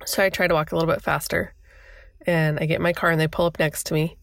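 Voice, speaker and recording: A woman's voice: deep voice, flat delivery, fast, creaky, no echo. A woman in her thirties hosting a podcast, telling a personal story in an emotional, flustered, rambling way. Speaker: podcast host.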